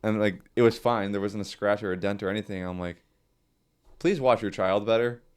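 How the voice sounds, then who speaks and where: Casting: lowish-voiced young guy, podcast co-host, animated, rambling storyteller. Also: a little fast, smooth. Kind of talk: casual chat.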